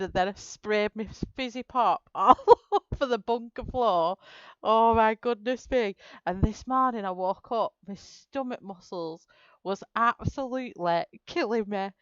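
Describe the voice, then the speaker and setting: Woman, giggly storyteller, slightly high voice, dry close sound. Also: fairly bright tone, clear, resonant tone, no room sound, dull audio. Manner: giggly storytelling, laughing through her words. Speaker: live-stream colouring host. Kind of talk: casual live-stream chat.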